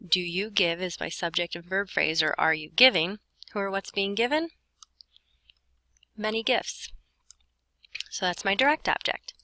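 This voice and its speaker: Woman Spanish teacher, step-by-step explainer, bright tone, dry recording. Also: medium pitch, unhurried, long pauses, dry recording, low-quality recording. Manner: explains step by step, talks to herself while writing. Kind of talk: lesson walkthrough.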